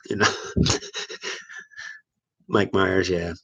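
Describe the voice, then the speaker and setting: Casual livestream host, man from Missouri, slightly low voice, easygoing and rambling. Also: steady tone, unhurried, long pauses, a bit bright, dull audio. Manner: laid-back, rambling, chuckles often. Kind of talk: casual live chat with viewers.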